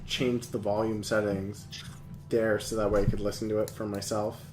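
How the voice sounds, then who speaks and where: A man's voice: lowish voice, little pitch movement, normal speed, a little mellow, roomy sound, soft background music. A man hosting a live stream, chatting casually, rambling and laughing often. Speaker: streamer host.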